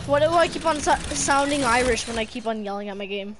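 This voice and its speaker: A young woman playing a video game with a friend, yelling, swearing and joking. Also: fairly high pitch, a little fast. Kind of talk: casual gaming chat.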